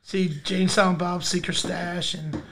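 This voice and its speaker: A man's voice: high voice, little pitch movement, a little slow, gravelly, over a noisy crowd. A man hosting a podcast in casual chat, upbeat and giggly. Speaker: podcast host.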